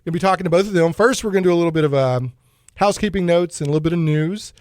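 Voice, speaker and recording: A man's voice: a little high, a little mellow, slight background noise. Upbeat punning male radio host. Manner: jokey, punning, quick to laugh. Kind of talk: casual radio chat.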